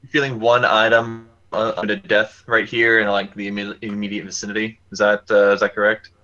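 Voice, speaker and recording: A man playing in a tabletop game, talking casually and haltingly, clearing his throat between fillers. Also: lowish voice, little pitch movement, sharp tone. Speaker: player. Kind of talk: casual role-play chat. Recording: dull, lo-fi mic.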